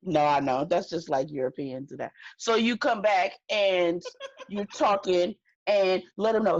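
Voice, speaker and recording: A woman's voice: medium pitch, moderate pace, dry recording, muffled recording. Slangy, emphatic woman podcaster. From California. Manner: emphatic, slangy, advice-giving. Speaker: podcast co-host. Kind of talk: casual recap chat.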